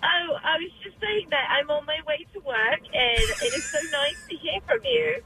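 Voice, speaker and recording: A woman's voice: high voice, animated, normal speed, pushed and bright, a little hiss or hum, poor audio. A woman calling a radio show, talking in a bubbly, exaggerated way. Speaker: caller. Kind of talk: phone call to a radio show.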